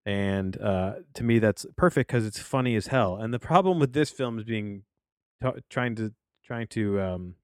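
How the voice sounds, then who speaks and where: A middle-aged man with a fairly low voice reviews a film on his own podcast, wandering into joking side tangents as he goes. He records in a home office studio with a close, dry sound and no room echo. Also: normal speed, clean tone. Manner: digressive, jokey, trailing off into tangents. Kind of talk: rambling solo podcast review.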